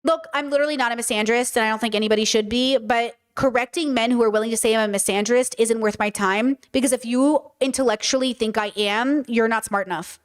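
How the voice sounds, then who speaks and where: A young adult woman hosting a podcast, talking in an animated, casual monologue that swears freely and mimics people in quick asides. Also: a little high, smooth. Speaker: podcast host.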